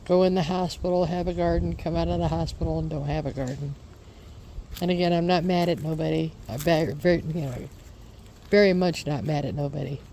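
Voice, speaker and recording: A woman's voice: deep voice, fairly even intonation, a little fast, mellow, a little hiss or hum. A woman chatting casually in her vlog, rambling and repeating her reassurances, recorded outdoors in a garden. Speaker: homesteading vlogger.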